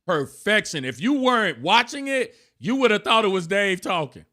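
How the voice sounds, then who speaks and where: Male co-host, high and bright, animated storyteller for casual gossip chat. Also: moderate pace. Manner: animated storyteller acting out voices. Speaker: podcast co-host.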